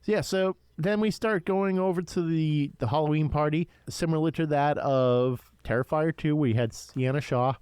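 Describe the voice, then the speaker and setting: A young man co-hosting a podcast, casually reviewing a horror film with an excitable, profane manner. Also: fairly high pitch, moderate pace, few pauses, clean tone, no room sound. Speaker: podcast co-host.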